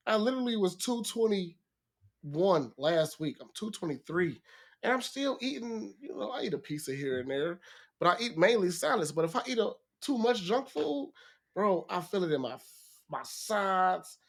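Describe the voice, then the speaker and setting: A man's voice: high-pitched, sing-song, normal speed, vocal fry. A man in his early thirties co-hosting a laid-back podcast. He tells stories in a loose, slangy way and keeps the talk easy. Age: 30s. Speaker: co-host. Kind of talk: casual podcast chat.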